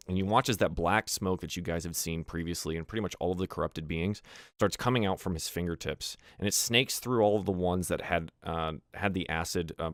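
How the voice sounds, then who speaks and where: A man's voice: low-pitched, no echo, clean studio sound. A man narrating a tabletop game as game master, describing scenes casually with many fillers.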